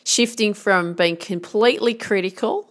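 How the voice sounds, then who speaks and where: A woman's voice: mid-range voice, moderate pace. A middle-aged woman golf coach, giving an earnest, emphatic motivational talk.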